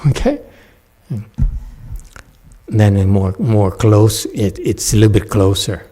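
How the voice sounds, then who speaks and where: Slow, mellow-voiced man teaching meditation. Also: lowish voice, huge pitch swings. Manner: laughs often, keeps checking with "okay?". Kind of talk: dharma talk answering questions.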